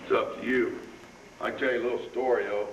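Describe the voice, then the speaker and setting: A man's voice: medium pitch, steady tone, fast, dull audio. An older male football line coach telling a folksy story, then calling out blocking drills to players on a practice field. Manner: folksy yarn-spinner, barks drill commands. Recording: roomy, distant camera audio with noise.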